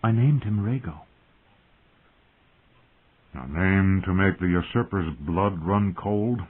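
A man voicing a young pregnant queen who gives calm, steady commands. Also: low-pitched, slow pace, slightly rough, heavily acted. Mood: quiet. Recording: tinny phone-like audio.

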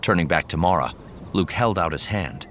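A man narrating a novel in a measured, storytelling manner. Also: sits low, lively intonation, a bit bright, a little hiss or hum. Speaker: audiobook narrator. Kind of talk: scripted narration.

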